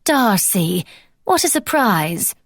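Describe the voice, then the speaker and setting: Brief: falsely gracious young society lady for an audiobook, bright and high-pitched, voiced by a woman narrator. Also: big pitch swings, normal speed, dry recording, clean studio sound. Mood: gushing, sly. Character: poised, scheming young Regency society lady. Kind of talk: audiobook character voice.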